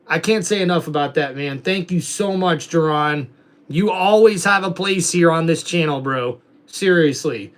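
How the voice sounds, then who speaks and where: A man's voice: high-pitched, a bit bright. A man hosting a live stream, chatting casually with viewers in a slangy way and calling wrestling play-by-play. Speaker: livestream host.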